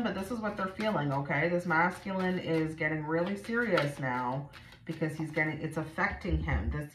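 Low-pitched woman reading cards casually and bluntly, recorded in an echoey room. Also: fairly bright tone. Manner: blunt, chatty, swears freely. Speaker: tarot reader. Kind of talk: casual tarot reading to camera. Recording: echoey room with faint noise.

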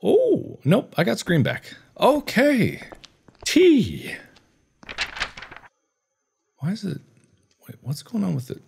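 A man in his thirties hosting a let's play, talking to himself through a horror game and breaking into high yelps and shouts. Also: slow, gravelly, long pauses, husky. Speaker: gaming video host. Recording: steady background noise.

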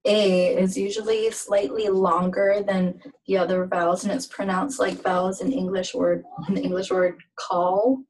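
A woman giving a casual language lesson on pronunciation, speaking slowly and haltingly with many fillers. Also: mid-range voice, level tone, darkish tone, slightly rough, poor audio. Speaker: language teacher.

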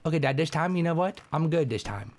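A young man commentating a game, joking around and yelling when things go wrong. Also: a little high, fast talker. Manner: joking, excitable, yells at the game. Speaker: gameplay commentator. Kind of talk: let's-play commentary.

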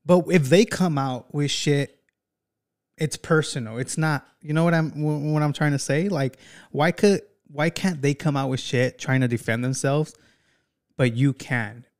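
A man's voice: a little high, a little slow, a little mellow. A man hosting a reaction commentary, chatting casually with rhetorical questions and laughing asides. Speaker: commentary host.

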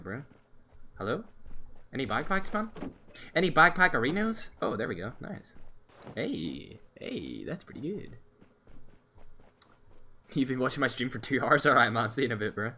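A young man live-streaming a mobile game, chatting casually with slang and quick exclamations while reading his viewers' chat. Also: on the low side, bright, forceful tone, slight background noise. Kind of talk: live mobile gameplay commentary.

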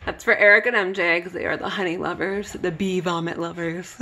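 Chatty woman with a bright voice. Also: fairly low pitch, fairly even intonation, brisk. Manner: chatty, laughs often, talks to viewers as "you guys". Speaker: vlogger giving a kitchen pantry tour. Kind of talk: casual home vlog chat. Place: home kitchen.

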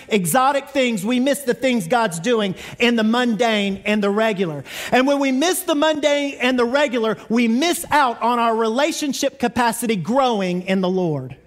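A pastor preaching a sermon, telling stories and acting out the quotes with lively energy. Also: male voice, very high-pitched. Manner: animated storytelling, acts out quotes. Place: church sanctuary.

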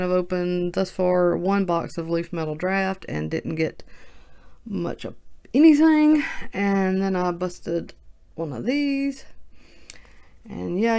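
Creaky-voiced woman chatting over card openings. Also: on the low side, a little mellow. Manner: chatty, thinks aloud, self-mocking. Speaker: sports card channel host. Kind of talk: casual card-opening commentary.

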